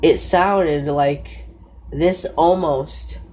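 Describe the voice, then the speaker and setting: In a slightly mellow voice with fairly even intonation, a woman recounts her own horror story at a slow, subdued pace, often stopping to fix what she's said.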